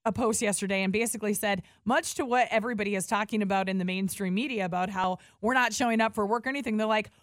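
A woman co-hosting a morning radio show, chatting casually and reacting quickly. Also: medium pitch, dry recording, studio quality. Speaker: radio co-host.

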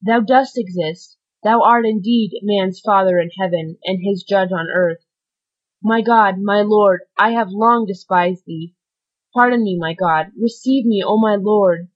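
A woman's voice: mid-range voice, unhurried, lightly acted. A woman reading an audiobook, voicing a dying, desperate male criminal who speaks in a fervent, pleading way. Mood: pleading prayer. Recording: dull lo-fi recording.

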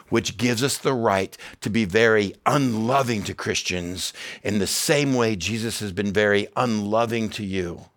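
A man's voice: on the low side, measured pace, fairly bright tone. A middle-aged man preaching a sermon as pastor, earnest and emphatic, repeating key phrases and dropping in casual asides.

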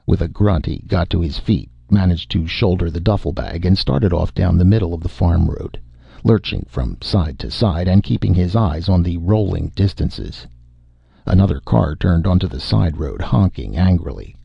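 Deep gravelly male narrator. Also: lively intonation, moderate pace, dry recording. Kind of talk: audiobook narration. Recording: dull, dry recording.

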